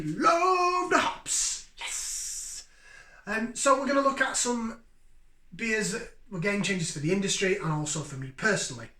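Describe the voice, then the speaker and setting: A Yorkshireman with a fairly high voice hosts a relaxed beer review vlog for his channel, speaking to viewers in a chatty, enthusiastic manner. The recording has a roomy, noticeably echoey sound.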